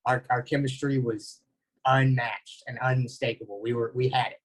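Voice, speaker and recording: A man, giving an animated storytelling talk as a guest speaker over a video call. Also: mid-range voice, moderate pace, rough recording. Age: 20s. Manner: animated, anecdotal.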